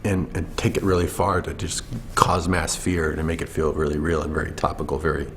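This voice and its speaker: Deep-voiced man telling set stories. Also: brisk, a little hiss or hum. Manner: animated storyteller, mimics people. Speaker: film director. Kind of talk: behind-the-scenes interview.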